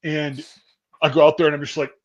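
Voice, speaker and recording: Profane, animated storytelling man. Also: a little high, fairly quick, muffled recording. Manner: profane, animated storyteller, acts out quoted voices. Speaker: podcast host. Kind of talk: casual chat, storytelling.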